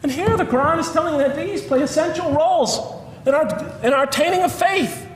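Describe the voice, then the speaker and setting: A man's voice: very high-pitched, animated, a little fast, a little hiss or hum. An American man giving a public lecture to an audience, conversational with wry asides. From United States. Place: large lecture hall with audience. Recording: long reverb of a large hall.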